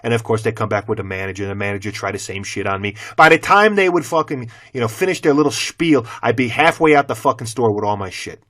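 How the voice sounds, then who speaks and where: A middle-aged man, a former teacher, delivering a blunt, profane opinion rant to the camera with heavy cursing and sudden loud swings into mockery. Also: medium pitch, animated, quick pace, few pauses. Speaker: former teacher turned channel host.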